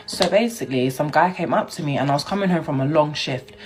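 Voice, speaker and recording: A woman's voice: low voice, quick pace, darkish tone. A young woman telling a personal story in a chatty, indignant way, laughing as she goes. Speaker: vlogger. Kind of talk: casual storytime.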